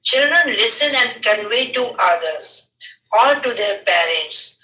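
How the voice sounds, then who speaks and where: Slow older Indian woman lecturing teachers. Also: fairly high pitch, lively intonation, sharp tone, echoey room, far from the mic, rough recording. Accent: Indian English. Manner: slow, measured, instructive list of dos and don'ts. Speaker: retired school head giving teacher training.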